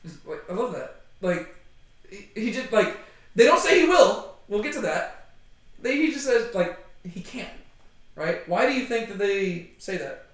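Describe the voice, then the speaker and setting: A man leading a casual group Bible study, chatty and animated, acting out quotes and asking the group questions. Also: high-pitched, a little slow. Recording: echoey room.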